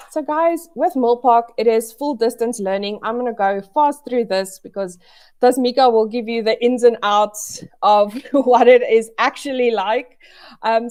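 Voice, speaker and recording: A woman's voice: on the high side, darkish tone. A woman presenting an education webinar, chatty and upbeat, with many fillers and restarts, on a video call. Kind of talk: casual presentation to an online audience.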